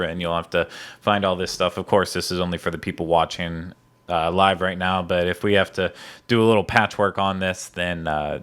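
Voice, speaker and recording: A man's voice: sits low, fairly bright tone, clear, resonant tone. A man hosting a podcast in casual chat, rambling with lots of fillers. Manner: rambling, chatty, many fillers. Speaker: podcast host.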